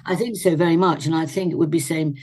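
Low, husky older actress. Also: female voice, steady tone, fast talker, darkish tone. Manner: chatty storyteller, laughs often. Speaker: actress and singer, interview guest. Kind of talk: casual interview, anecdotes.

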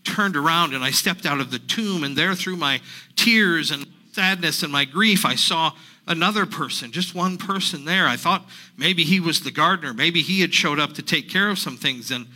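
A man playing Mary Magdalene, halting and grieving. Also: a little high, bright, forceful tone, low-quality recording. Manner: halting, repeats himself, emotional retelling. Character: grieving woman disciple recounting the empty tomb. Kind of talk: first-person dramatic monologue sermon.

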